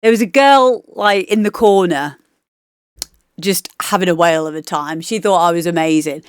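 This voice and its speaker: A woman's voice: lowish voice, normal speed, clear, resonant tone, no echo, clean studio sound. A woman, a DJ host chatting casually and rambling with laughs while reviewing demo tracks. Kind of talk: casual stream chat.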